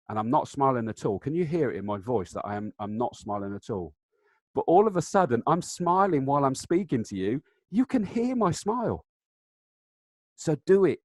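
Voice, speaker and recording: A man gives a live training webinar from his desk over a video call, at a middling pitch. He talks in an animated, demonstrative way, dropping in self-deprecating asides. The sound is dry, with no room echo. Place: seated at a desk, indoors. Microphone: video call setup.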